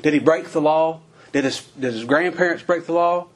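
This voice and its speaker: A man's voice: a little high, moderate pace. A man preaching a sermon in a folksy, questioning way, using plain rural phrasing and asking lots of rhetorical questions.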